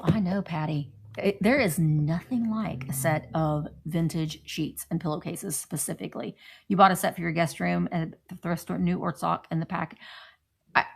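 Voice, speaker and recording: A woman's voice: fairly low pitch, creaky, slightly rough. Chatty woman rambling through a haul. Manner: chatty, rambling, talking to friends off camera. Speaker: thrift vlogger. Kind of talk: casual haul show-and-tell.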